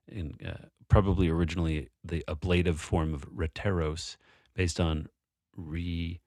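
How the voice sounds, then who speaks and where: A man's voice: deep voice, little pitch movement, measured pace, a little mellow, no room sound, studio quality. A man co-hosting a casual chat about a word puzzle, thinking aloud and restarting his sentences often. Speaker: co-host solving a word puzzle.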